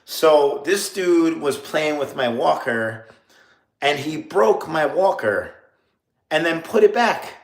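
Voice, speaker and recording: A man's voice: a little high, lively intonation, slow, gravelly. A man in his late thirties from New York, telling a story on a casual livestream, rambling with lots of fillers and laughing at himself. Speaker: streamer. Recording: roomy echo.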